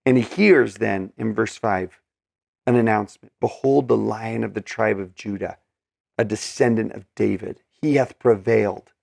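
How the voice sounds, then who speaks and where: A man's voice: lowish voice, moderate pace, creaky, darkish tone, no room sound, clean studio sound. A man teaching scripture in an earnest, conversational way, with many fillers and restarts. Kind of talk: casual scripture study talk.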